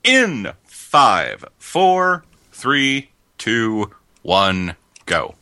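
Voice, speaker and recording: A man hosting a casual movie commentary track, excitable and crude, laughing often. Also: medium pitch, very slow, no room sound. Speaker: podcast host.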